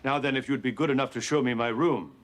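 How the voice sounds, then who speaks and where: A man's voice: mid-range voice, fast, very noisy, close to an everyday voice. An actor playing a stiff, haughty male butler in a studio sitcom, speaking in a formal, dry and snooty way.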